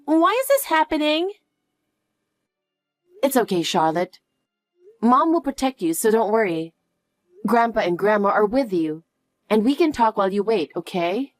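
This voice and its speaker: A woman reading a story, speaking as a mother in a soft, soothing, reassuring way. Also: mid-range voice, lively intonation, normal speed, no room sound, faint music behind. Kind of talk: scripted story narration.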